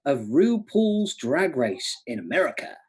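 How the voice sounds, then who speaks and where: Jokey guy hosting a quiz from home on a video call, pretty high voice, reads questions twice. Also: sing-song, a little slow, slightly rough. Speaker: quiz co-host. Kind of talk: casual online quiz hosting. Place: home room by a window.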